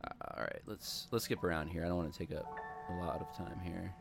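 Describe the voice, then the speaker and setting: A man's voice: deep voice, steady tone, fairly quick, vocal fry, over music. A man casually commenting on videos he plays, wry and rambling, often asking questions aloud.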